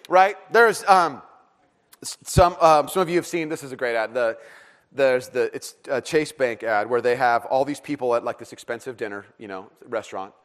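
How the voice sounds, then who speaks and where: A middle-aged man preaching a sermon in a casual, joking and animated way, with plenty of fillers and restarts. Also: mid-range voice, moderate pace. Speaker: pastor.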